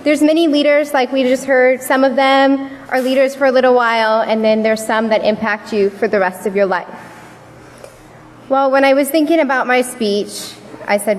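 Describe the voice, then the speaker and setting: A woman's voice: a little high, normal speed, slight background noise. A young woman giving a personal story speech at a church service, acting out what people said along the way. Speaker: youth speaker at a church service. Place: large worship hall. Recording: long reverb of a large hall.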